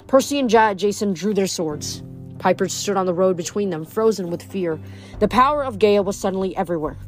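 A woman's voice: mid-range voice, lively intonation, a little fast, soft background music. A young woman reading a novel aloud, then chatting casually about it with fillers. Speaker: reader.

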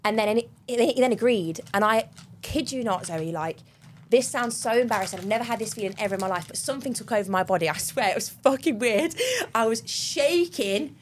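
A young woman, co-hosting a podcast and telling a personal story in a chatty, animated way, full of laughs and the odd swear word. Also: on the high side, fairly quick, a little hiss or hum. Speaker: podcast co-host. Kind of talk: casual chat.

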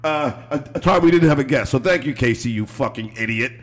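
A man hosting a podcast, telling a story in a laughing, rambling, animated way with swearing and restarts. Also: mid-range voice, a little fast. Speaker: podcast host. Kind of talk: casual storytelling chat.

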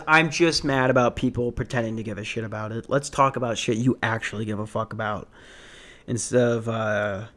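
A man's voice: medium pitch, fairly bright tone. A man hosting a podcast, ranting casually in a rambling, profane, sardonic way with sighs and restarts. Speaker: podcast host.

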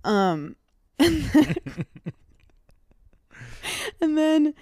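A young woman with a fairly high voice, chatty and animated as she tells her stories, laughing often. She sounds close and dry on the mic, with no room around her. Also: extremely slow, no echo. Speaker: podcast guest. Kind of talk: casual chat.

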